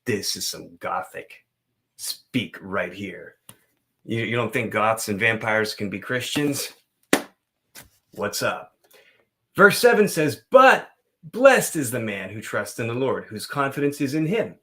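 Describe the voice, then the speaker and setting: A man hosting a casual live stream, chatting loosely and reading scripture slowly and dramatically. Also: fairly low pitch, expressive, pushed and bright, slightly rough. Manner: loose, rambling, playful.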